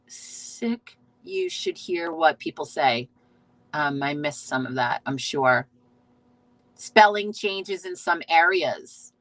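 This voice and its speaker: Speaking slowly in a low, sing-song voice with a bit of brightness, this host of a witchcraft talk stream chats in a rambling, casual way. The American woman reads out viewer comments, swears freely, and often restarts her sentences; there's no echo, but the audio is poor.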